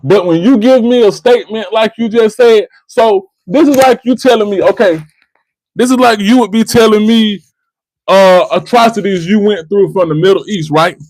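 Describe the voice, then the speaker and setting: The host of a call-in debate stream speaks in a high, darkish voice at a moderate pace, on a rough recording without echo. Lecturing the caller in an argumentative exchange, he keeps repeating the caller's name and starting his sentences over.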